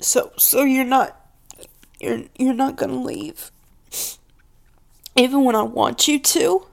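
A woman's voice: sits high, fairly even intonation, takes it slowly, creaky, full character voice. A woman playing a volatile, possessive mistress. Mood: pleading, hurt. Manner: domineering, scornful, drops to whispers. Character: possessive, volatile woman scolding her pet. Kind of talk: audio role-play to the listener.

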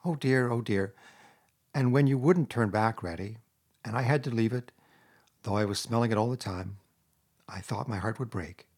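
A man's voice: lowish voice, moderate pace, long pauses, a little mellow, husky. Mole, a sobbing homesick mole, voiced by a man. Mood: grief-stricken. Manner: sobbing, broken pleading. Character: timid homesick male mole, tearful.

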